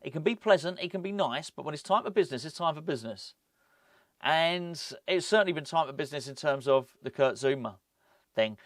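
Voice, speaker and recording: A man hosting a casual football vlog, rambling and animated, often breaking off with laughs. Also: on the high side, brisk, no room sound, clean studio sound. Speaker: football fan channel host.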